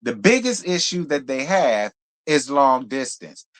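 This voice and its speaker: A man hosting a live reality TV review in casual commentary, sassy and blunt, with profane, animated asides. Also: medium pitch, a little slow.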